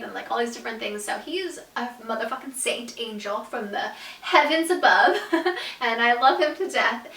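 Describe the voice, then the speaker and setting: Young woman vlogger, bright slightly high voice, chatty storyteller, roomy echo, a bit off-mic. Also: normal speed, far from the mic. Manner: animated, swearing, lots of "like", laughs through story. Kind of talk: storytime vlog.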